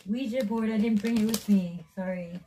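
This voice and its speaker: A woman's voice: mid-range voice, moderate pace, dark tone, a little hiss or hum, poor audio. A Japanese woman with a Japanese accent, chatting casually and teasing in a playful way. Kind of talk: casual chat.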